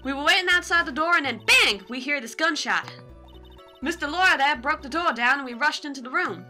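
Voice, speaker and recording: A woman voicing a brash, folksy woman photographer in a video game, with a put-on Southern US drawl, hollering loudly. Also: high voice, expressive, a little fast, soft background music, exaggerated voice. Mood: excited.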